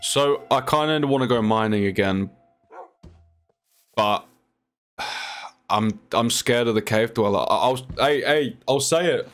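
A young man chatting casually as a gaming YouTuber, laid-back, swearing and laughing easily. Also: mid-range voice.

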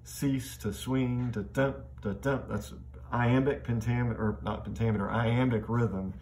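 A man's voice: medium pitch, steady tone, moderate pace, darkish tone. A man giving a literature lecture in a reflective way. He thinks aloud and often restarts his phrases. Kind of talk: classroom lecture. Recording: faint background noise.

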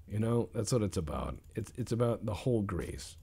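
A man giving rambling, jokey commentary over his own gameplay, mixing deadpan asides with sudden loud outbursts. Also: lowish voice, moderate pace, gravelly, breathy edge.

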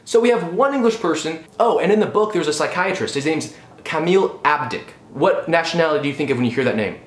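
Fast-talking, sarcastic young man ranting. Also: on the high side. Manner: sarcastic, profane, animated. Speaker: movie reviewer. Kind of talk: ranting movie review vlog. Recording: roomy echo.

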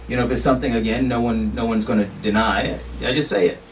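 A man preaching from a mosque pulpit, explaining his points in a relaxed, conversational way and slipping in Arabic phrases. He sits well back from the microphone, so his voice comes across distant. A faint hiss of noise lies behind it. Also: medium pitch, fast talker. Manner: conversational, often saying "you know", sprinkled with Arabic phrases. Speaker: imam giving a sermon. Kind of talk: explanatory sermon.

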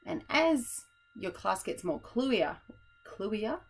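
A woman's voice: medium pitch, sing-song, extremely slow, creaky, husky, rough recording. A young woman teacher, explaining a classroom method in a chatty, tired way and laughing at herself.

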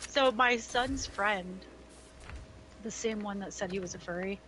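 A middle-aged woman streaming a game, chatting casually with friends and telling animated stories with acted-out quotes and frequent laughter. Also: mid-range voice, a little slow, slight background noise, rough recording. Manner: animated storyteller, acts out quoted voices, laughs often. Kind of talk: casual gaming chat storytelling.

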